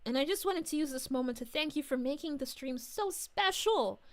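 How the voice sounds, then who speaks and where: A sweet, bubbly young princess, played by a woman, gushes over her fans in a high, bright voice that swoops up and down. She keeps sighing "aw" and giggling as she reads chat on a live stream, effusive and warm in character. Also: lively intonation, normal speed. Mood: cheerful. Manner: gushing, effusive, frequent giggles and "aw"s. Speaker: VTuber streamer.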